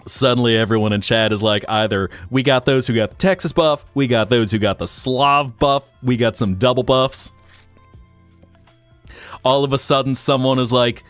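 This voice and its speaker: A man hosting a live stream, chatting casually in an animated, rambling, jokey way. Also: medium pitch, a little slow, pauses often, no echo, faint music behind.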